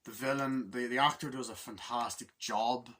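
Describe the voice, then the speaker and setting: A man's voice: medium pitch, steady tone, normal speed, sharp tone. A young man giving a casual, rambling movie review, swearing freely and acting out scenes with grunts and sound effects.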